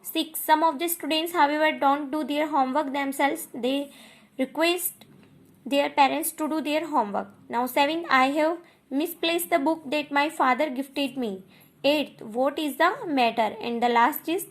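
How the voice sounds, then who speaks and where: High-voiced Indian woman teaching English grammar. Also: unhurried. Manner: explains then repeats points, frequent "okay" and "understood" checks. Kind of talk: online grammar lesson.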